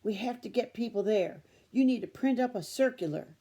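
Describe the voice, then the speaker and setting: A woman's voice: a little high, expressive, normal speed, dark tone, voice pushed up. Woman voicing an eager young teacher. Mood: urgent. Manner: urgent and breathless.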